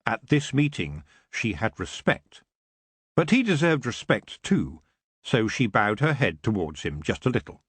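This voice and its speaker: Male audiobook narrator, dramatic, low voice, dry close sound. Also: measured pace, breathy edge, no echo. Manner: expressive, dramatic reading.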